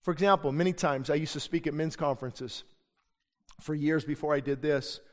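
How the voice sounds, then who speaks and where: A man's voice: on the high side, fairly even intonation, brisk. A middle-aged male pastor preaching a sermon with passion, switching into the voices of the people he quotes. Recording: long hall reverb.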